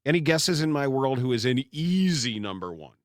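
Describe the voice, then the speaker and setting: A man's voice: mid-range voice, very animated, normal speed, no echo, clean studio sound. A man hosting a casual podcast chat, talking with lots of animation and slipping into pirate voices now and then. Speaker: sports radio host.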